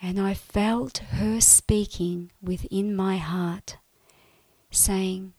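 Brief: woman, mid-pitched, unhurried, earnest testimony, close and dry sound, soft breathy moments. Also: fairly even intonation, no room sound. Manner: earnest, emotional storytelling, often soft and breathy. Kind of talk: personal faith testimony.

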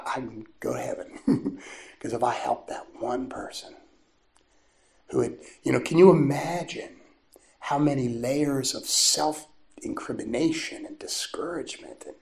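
Gravelly-voiced priest telling stories. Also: male voice, medium pitch. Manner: chatty, animated storytelling with laughter. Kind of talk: storytelling sermon. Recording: echoey room with faint noise.

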